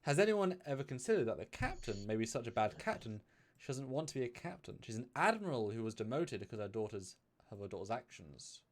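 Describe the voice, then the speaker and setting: A man's voice: mid-range voice, big pitch swings, fairly quick. A man co-hosting a live review stream, talking casually with lots of fillers and restarts and now and then asking viewers for donations. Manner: chatty, loose, many fillers and restarts, pleads for donations.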